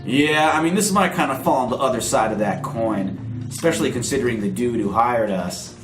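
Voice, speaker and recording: A man's voice: mid-range voice, animated, brisk, music in the background, voice pushed down, natural voice. A man playing a cocky young crocodile hired hand, talking in a laid-back, slangy drawl, with a roomy echo. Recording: roomy echo, faint noise.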